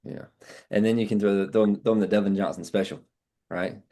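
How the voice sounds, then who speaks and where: A man leading an insurance sales team training, talking in a brash, animated way and swearing casually. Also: lowish voice, fairly quick.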